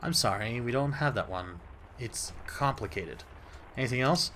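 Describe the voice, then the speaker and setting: A man's voice: medium pitch, lively intonation, normal speed, a bit bright, a little hiss or hum, close to an everyday voice. A man voicing a nervous, fussy librarian who stammers and speaks primly. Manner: stammering, prim and flustered.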